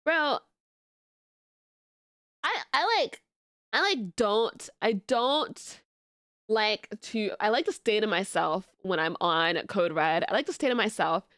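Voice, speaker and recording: A young woman streamer chatting casually with her viewers, telling stories in animated, laughing rants. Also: medium pitch, slow, pauses often, no echo, studio quality. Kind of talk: casual live-stream chat.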